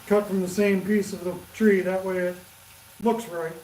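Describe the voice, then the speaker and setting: A man's voice: high voice, flat delivery, moderate pace, darkish tone, a little hiss or hum. A man turning pens on a lathe in his workshop, chatting casually with livestream viewers by name and reading their comments. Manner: chats with viewers by name, reads comments aloud. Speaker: woodturner streaming live. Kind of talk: casual livestream chat while working. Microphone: camera set up beside the lathe. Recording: roomy workshop echo.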